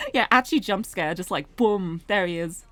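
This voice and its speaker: A woman's voice: medium pitch, a bit bright, no echo. A British woman streamer reading a visual novel aloud, chatty and laughing often.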